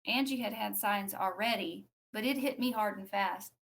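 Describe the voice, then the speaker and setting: A woman, a podcast guest, tells a personal story in a conversational way, acting out what others said and pausing with fillers. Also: medium pitch, creaky. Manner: animated, acts out quoted speech; frequent fillers and restarts.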